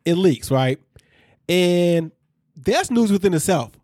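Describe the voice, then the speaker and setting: Joking man with a dark, mellow voice. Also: sits high, expressive, slow, no echo, studio quality. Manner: joking, reads news aloud, laughs often. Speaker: podcast co-host. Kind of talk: casual gossip chat.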